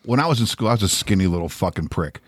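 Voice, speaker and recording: A man's voice: deep voice, rapid-fire, husky. An older man, a podcast co-host, telling a story in casual, profane talk and acting out the voices. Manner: profane, animated storyteller who acts out voices.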